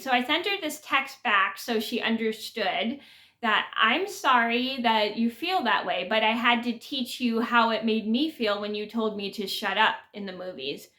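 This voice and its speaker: A woman's voice: fairly high pitch, pushed and bright, reverberant. A woman vlogger casually telling a story to her viewers, rambling with many fillers and restarts.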